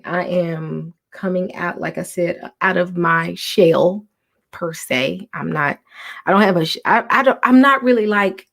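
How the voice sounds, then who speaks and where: Woman host, low gravelly voice, hushed rambling livestream chat from home. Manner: soft, half-whispered talk with many ums and restarts.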